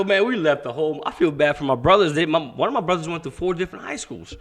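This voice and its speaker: A man's voice: a little high, fast talker. A young man, a boxing coach, telling his life story in a podcast interview, swearing freely and acting out quoted exchanges. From Pakistan. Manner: profane, animated, acts out quoted dialogue.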